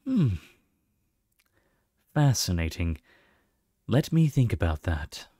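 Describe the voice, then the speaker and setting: A man's voice: lowish voice, very animated, dark tone, breathy edge, no room sound, clean studio sound, heavily acted. Man doing a mysterious dragon's teasing voice. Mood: musing. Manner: slow, teasing and musing. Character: mysterious telepathic dragon, amused and curious.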